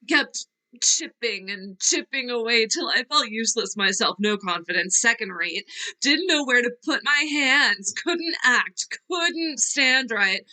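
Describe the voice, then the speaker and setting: A woman's voice: fairly high pitch, pushed and bright, heavily acted, low-quality recording. A woman playing Nina, a fragile, restless young actress, in a virtual play reading; she wavers and trails off, tearful as she speaks. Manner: wavering, laughing through tears, trailing off. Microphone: video call.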